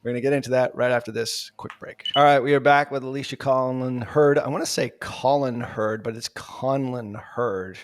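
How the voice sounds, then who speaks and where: A man's voice: medium pitch, fairly even intonation, quick pace, hardly any pauses, clear, resonant tone. An American man hosting a podcast, chatting in a loose, joking way. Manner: jokey, rambling with fillers. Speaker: podcast host. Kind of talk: casual podcast chat.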